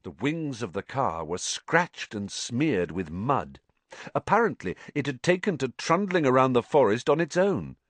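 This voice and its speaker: A man reading a story aloud as an audiobook narrator in an expressive, dramatic way. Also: medium pitch, unhurried, no room sound.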